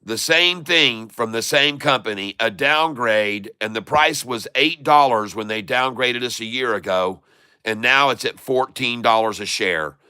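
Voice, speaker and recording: A man's voice: medium pitch, measured pace, pushed and bright, clean tone, no echo. A man hosting a casual live stock video, folksy and muttering to himself as he works his computer. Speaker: stock market video host.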